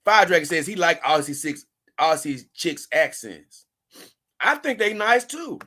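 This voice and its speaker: A man's voice: on the high side, very animated, measured pace, bright, forceful tone. A man hosting a casual livestream, reading viewer comments and rambling on in loose, with chuckling asides. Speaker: livestream host.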